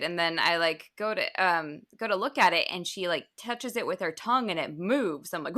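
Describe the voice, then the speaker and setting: A woman in her thirties co-hosting a podcast, telling a chatty, animated story about her young child in casual conversation. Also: fairly low pitch, moderate pace, few pauses. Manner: animated, chatty, many filler words. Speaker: podcast co-host; mother of a five-year-old.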